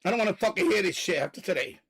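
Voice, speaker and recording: Very high-voiced man ranting loudly. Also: lively intonation, very fast, gravelly, breathy edge, rough recording. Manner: loud, profane, repetitive ranting. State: out of breath. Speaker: live stream host. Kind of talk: ranting live stream monologue.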